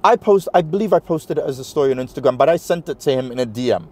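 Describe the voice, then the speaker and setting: A man's voice: medium pitch, fast. A man with a New York accent, a guest in an interview, retelling a personal story animatedly and acting out the dialogue. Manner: animated retelling, acts out quoted dialogue, many fillers.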